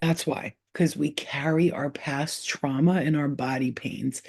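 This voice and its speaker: A woman's voice: sits low, fairly even intonation, measured pace, a little mellow, husky. A woman hosting a casual spiritual livestream, talking bluntly in streetwise slang with plenty of swearing and stopping now and then to scold her cat. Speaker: spiritual healer and livestream host.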